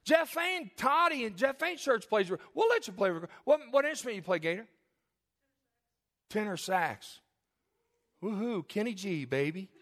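A man preaching in a church, joking with the congregation, calling on people by name, then dropping into a soft, earnest tone. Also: very high-pitched, very animated, normal speed. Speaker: pastor. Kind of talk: sermon. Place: church sanctuary.

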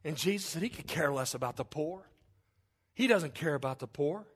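A male pastor delivering a sermon with a high, bright-sounding voice. He preaches emphatically, repeating phrases as he builds intensity, then drops low and quiet. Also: expressive, moderate pace, husky. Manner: emphatic, repetitive preaching with rising and falling intensity.

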